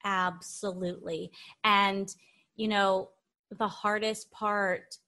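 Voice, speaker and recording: A woman's voice: medium pitch, flat delivery, slow pace, pushed and bright. A woman guest in a conversational interview, talking with animation and acting out the inner voices of her examples.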